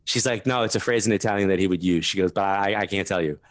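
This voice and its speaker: Male guest, low-leaning voice, chatty storyteller, laughs easily, dry studio sound. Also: dry recording. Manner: laughs through his stories, quick asides. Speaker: guest medium. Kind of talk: animated storytelling interview.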